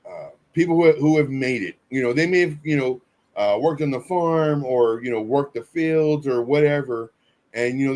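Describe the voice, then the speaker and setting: A man's voice: medium pitch, darkish tone. A man co-hosting a casual live stream, telling stories earnestly with many fillers and restarts. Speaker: co-host.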